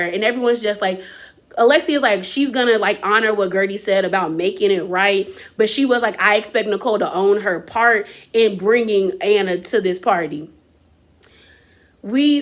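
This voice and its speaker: A woman, giving an opinionated, chatty recap of a reality show and acting out quotes from the cast. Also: on the high side. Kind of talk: casual recap commentary.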